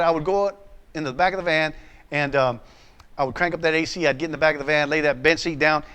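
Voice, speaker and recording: A man's voice: fairly high pitch, a bit bright. A man preaching a sermon, telling a personal story in a candid, conversational way. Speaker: pastor.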